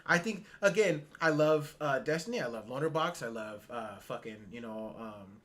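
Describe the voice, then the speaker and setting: A man's voice: medium pitch, expressive, moderate pace, fairly bright tone. A man co-hosting a casual podcast, swearing constantly and laughing mid-sentence as he rants. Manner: swears constantly, ranty, rises sharply when worked up, laughs mid-sentence. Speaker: podcast co-host. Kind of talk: casual profane chat.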